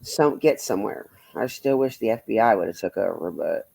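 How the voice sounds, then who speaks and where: A man's voice: lowish voice, expressive, brisk, gravelly, darkish tone, slightly rough, poor audio. A man chatting bluntly with viewers on a livestream, rambling and swearing freely. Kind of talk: casual livestream chat answering viewers.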